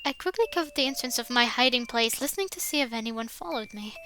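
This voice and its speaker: A woman reading a visual novel aloud in expressive first-person narration. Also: a little high, fast talker, a little hiss or hum.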